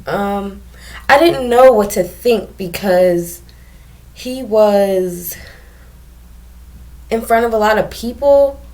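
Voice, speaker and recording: A young woman telling a personal story to camera in a candid, emotional way, with frequent pauses and restarts. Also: medium pitch, a little mellow. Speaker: vlogger telling her own story.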